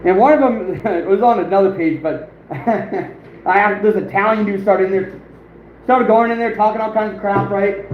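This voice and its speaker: Male livestream host, high voice, boastful rambling chatter with frequent chuckles, recorded in a roomy space over faint background noise. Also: normal speed, lo-fi sound. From United States. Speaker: outdoors channel host, livestreaming. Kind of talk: casual livestream chat.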